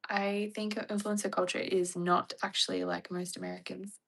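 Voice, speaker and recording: A woman's voice: medium pitch, level tone, normal speed, gravelly, a bit bright, breathy edge. A young Australian woman chatting casually on a livestream with a wry, chatty manner. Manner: chatty, wry, mock-dramatic impressions.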